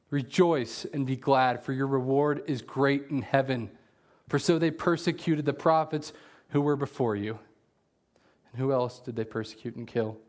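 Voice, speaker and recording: Jokey, animated male preacher. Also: medium pitch. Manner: jokey and animated, with sudden loud bursts; reads scripture aloud slowly. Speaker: pastor. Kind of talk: casual conversational sermon.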